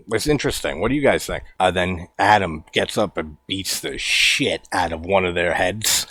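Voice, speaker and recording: Low-ish guy ranting about a horror movie, animated, dry close mic. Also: dry recording. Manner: animated, incredulous, swears and laughs. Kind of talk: casual movie commentary.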